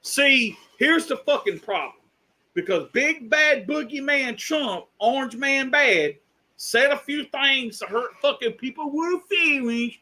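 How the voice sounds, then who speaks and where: Man, very high bright voice, slow deliberate pace, heated cursing rant, live stream. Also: animated. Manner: heated, profane, exasperated. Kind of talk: angry political rant.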